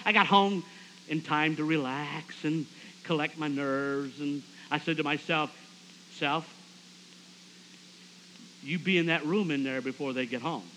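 A man's voice: a little high, a little hiss or hum, poor audio. A man preaching a storytelling sermon at a camp meeting, acting out the people he quotes. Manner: animated, acts out quoted voices.

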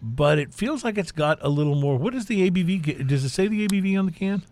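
A man's voice: sits high, animated, fast talker, darkish tone. A man co-hosting a beer tasting show, chatting casually and rambling with lots of fillers. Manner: rambling, self-deprecating, many fillers. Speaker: co-host of a beer talk show. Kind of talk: casual chat.

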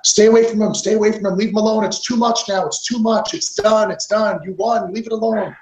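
A man voicing a frantic woman fan at a wrestling show, pleading in a much higher voice. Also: steady tone, brisk, a little mellow, natural voice. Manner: pleading, then screaming. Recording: roomy echo.

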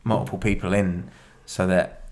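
Low-voiced swearing podcast host. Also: male voice, flat delivery, normal speed, a little mellow, a little hiss or hum. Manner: swears freely, rambling. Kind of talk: casual chat.

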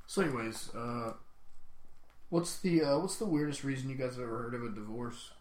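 A man co-hosting a podcast in casual chat, joking and breaking into loud bursts. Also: mid-range voice, fairly quick, reverberant. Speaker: podcast co-host.

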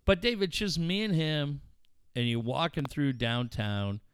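A middle-aged man hosts a podcast, telling blunt, profane stories in a casual chat. His voice sits a bit high for a man and swings widely in pitch. The sound is smooth and dry, close on a studio mic. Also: very animated, measured pace, fairly bright tone, dry recording. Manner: profane, blunt, heated storytelling. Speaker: podcast host.

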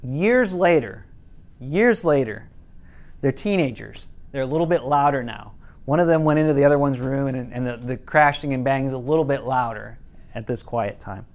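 A middle-aged man teaching a parenting class, telling a story with quoted lines in a casual way. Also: moderate pace. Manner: casual, quotes parents and kids in lowered voices, some restarts.

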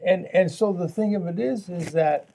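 Mellow-voiced earnest pastor man. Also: sits high, normal speed. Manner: earnest preaching tone, repeats phrases. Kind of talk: faith talk show conversation.

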